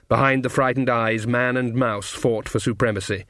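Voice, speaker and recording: A man reading a novel aloud as an audiobook narrator, measured and wry. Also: medium pitch, fairly even intonation, a bit bright, no echo, studio quality. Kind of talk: scripted narration.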